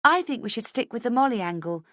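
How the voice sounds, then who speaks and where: A woman's voice: fairly high pitch, animated, fast, bright, forceful tone, no echo, clean studio sound, pitched above the performer's own voice. A woman voicing a serious, insistent female coworker in an audiobook. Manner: firm, insistent.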